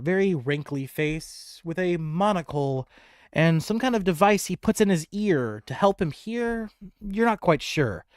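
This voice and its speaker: Animated male game master. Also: on the high side, clean tone, dry recording, clean studio sound. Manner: animated, descriptive. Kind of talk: narrating a tabletop game.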